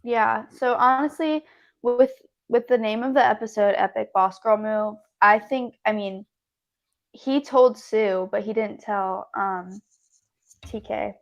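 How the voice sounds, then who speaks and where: A woman's voice: medium pitch, slow pace, gravelly, lo-fi sound. A young woman co-hosting a podcast, talking casually and thoughtfully, often hedging with "I think.". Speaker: podcast co-host. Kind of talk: casual chat.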